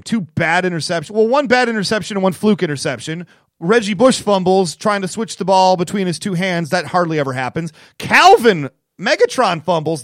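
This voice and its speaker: Excitable man, high voice, dry sound. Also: no echo. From Detroit Lions fan living in Los Angeles. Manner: excitable, tells stories with loud acted-out outbursts. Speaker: sports talk co-host. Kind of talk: casual sports banter.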